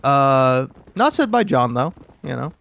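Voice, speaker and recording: A man's voice: medium pitch, sing-song, unhurried, creaky, a bit bright. A young man streaming a game, rambling in casual chat with lots of fillers and restarts, sarcastic and profane.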